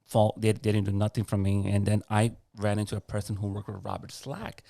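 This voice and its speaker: A man, a podcast guest, telling a personal story in an earnest, animated way and acting out past conversations. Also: fairly low pitch, brisk, creaky, no room sound, clean studio sound. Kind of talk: personal story in a casual interview.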